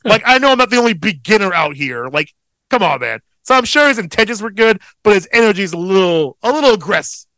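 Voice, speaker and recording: A young man co-hosting a podcast, telling a long story in a profane, rambling, animated way. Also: high-pitched, fast talker, no echo. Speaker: podcast co-host. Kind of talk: casual storytelling chat.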